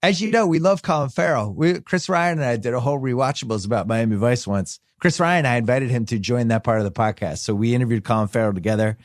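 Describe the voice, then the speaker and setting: A man's voice: medium pitch, fast talker, hardly any pauses, dry recording, clean studio sound. A man hosting a casual podcast, running through the show lineup in an upbeat, rambling way with frequent restarts. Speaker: podcast host.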